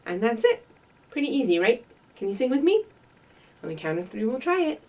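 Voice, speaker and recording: A woman librarian leading a children's story time, reading and singing in a bright, sing-song manner. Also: high voice, sing-song, brisk, recorded from a distance, low-quality recording.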